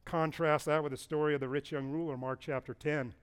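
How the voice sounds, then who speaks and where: A man preaching a sermon as pastor, telling the stories in an animated way and acting out the people in them. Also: on the high side, a little fast, clear, resonant tone. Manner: animated storytelling, acting out the people in the story with a raised voice.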